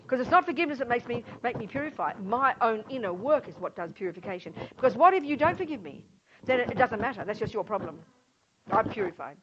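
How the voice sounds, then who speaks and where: Speaking fast and very animatedly in a fairly high pitch, this woman is a Buddhist nun giving an informal, emphatic class. She frequently acts out small scenes as she explains, captured on a dull lo-fi recording with a little background noise.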